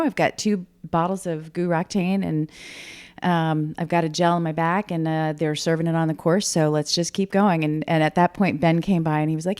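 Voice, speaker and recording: A middle-aged woman telling teammates about her triathlon in casual chat, animated and laughing as she goes. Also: lowish voice, moderate pace. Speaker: triathlete guest. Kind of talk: casual race recap chat.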